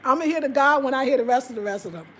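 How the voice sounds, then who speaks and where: A middle-aged woman vlogger telling a story in a casual, animated way, laughing often and acting out quotes. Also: sits high, very fast, husky. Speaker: travel vlogger.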